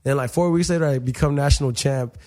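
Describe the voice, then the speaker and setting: Sex: man. Role: podcast guest, former boxer. Pitch: middle of the range. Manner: loose, profane, animated storytelling. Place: studio. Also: quick pace. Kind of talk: casual interview storytelling.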